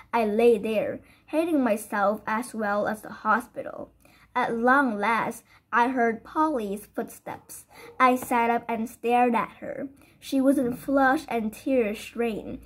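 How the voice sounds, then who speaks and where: A woman reads a first-person children's novel aloud, telling the story earnestly and with expression. Her voice is fairly high, with a husky, breathy texture. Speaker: audiobook narrator.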